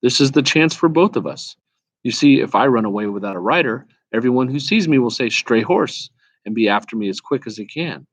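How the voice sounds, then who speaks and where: Male reader as a proud talking war horse, brisk, scornful, lecturing, dry close sound, storybook read-aloud. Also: medium pitch, lively intonation, no echo.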